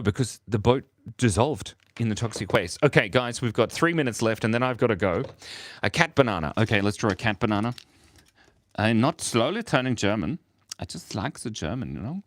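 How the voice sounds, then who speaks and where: A man's voice: fairly low pitch, no room sound. A man live-streaming his drawing, chatting in a rambling, playful, self-mocking way and often chuckling. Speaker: livestream artist. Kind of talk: casual live-stream chat while drawing.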